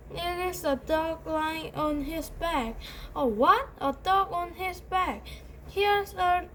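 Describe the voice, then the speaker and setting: A woman's voice: very high-pitched, a bit bright, slight background noise, pitched above the performer's own voice, full character voice. A woman voicing a stubborn, fussy little boy in a storybook read-aloud, bossy and insistent.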